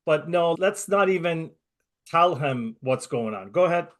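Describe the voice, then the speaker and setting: Emphatic, high-voiced male interviewer. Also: lively intonation, measured pace, a bit bright. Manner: emphatic and indignant, speeding up in bursts. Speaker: interview host. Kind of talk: conversational interview.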